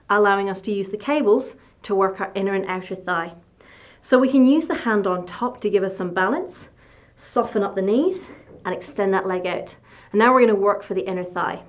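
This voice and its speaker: A woman's voice: medium pitch, slight background noise. A woman leading a workout as fitness instructor, giving short encouraging coaching cues.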